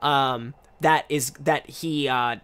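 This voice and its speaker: A man's voice: medium pitch, fairly even intonation, slow, a bit bright, clean tone. A young man streamer and English teacher talking casually to camera, rambling and restarting his sentences with lots of fillers. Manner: rambling, self-interrupting, many fillers.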